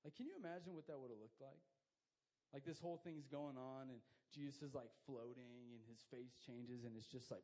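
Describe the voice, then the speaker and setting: Brief: young male youth preacher, slightly high voice, loose and jokey, big sudden outbursts. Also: moderate pace, poor audio. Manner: animated, slangy, jokey storytelling with sudden loud bursts. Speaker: youth pastor. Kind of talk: casual sermon.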